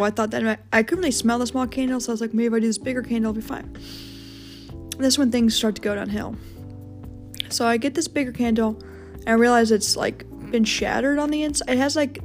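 A young woman hosting her own show, telling a personal story in a rambling, casual way, full of fillers and swearing. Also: on the high side. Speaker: podcast host.

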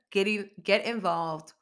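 A woman hosts a motivational podcast with a bright, forceful voice. She talks casually but builds emphatic, repeated phrases in a preaching rhythm. Her encouragement is steeped in faith. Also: mid-range voice, slow pace. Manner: emphatic, repetitive preaching cadence. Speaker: podcast host.

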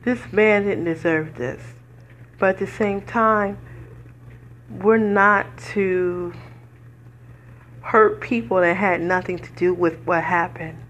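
A woman's voice: fairly low pitch, steady tone, slow, long pauses, fairly bright tone, lo-fi sound. A woman hosting a podcast, speaking in earnest, preacherly commentary and fighting back tears. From United States. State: tearful. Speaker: podcast host. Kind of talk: emotional personal commentary.

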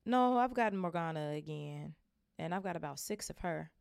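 A woman's voice: sits low, expressive, normal speed, gravelly, darkish tone, clean tone, dry recording, clean studio sound. A woman reading aloud and voicing a curious, eager young boy wizard with a raised, wondering voice.

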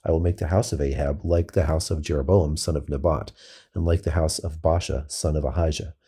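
A man's voice: rumbling low, steady tone, a little fast, warm tone, slightly rough, full character voice. A man reading as a young prophet declaiming.

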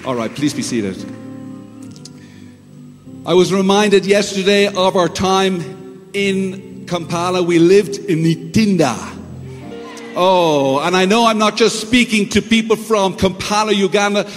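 A man with a high voice delivers a sermon at a slow, deliberate pace. He tells stories in an animated way and acts out noises. The hall rings with a long reverb, and faint music sits underneath. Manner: animated storytelling, sound effects and imitations. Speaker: pastor.

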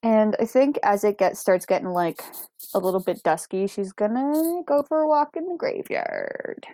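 A woman's voice: medium pitch, normal speed, dark tone, no echo. A woman playing a tabletop game, describing her character's actions in a casual, laid-back way. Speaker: player.

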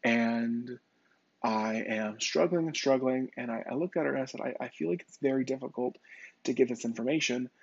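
A man's voice: medium pitch, normal speed, gravelly, husky, no echo, muffled recording. A man who works as a psychic medium, telling a personal story in a conversational way, with fillers and restarts.

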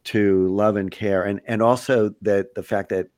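A man podcast co-host, a family therapist, talking in a measured, thoughtful way about a listener's letter. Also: on the low side, fairly even intonation, a little mellow, no room sound. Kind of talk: reflective podcast talk.

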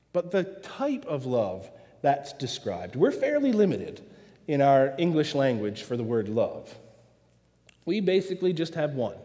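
A pastor preaches a sermon in a church, earnest and full of rhetorical questions, his words carrying a long hall reverb. His voice is warm and fairly high-pitched.

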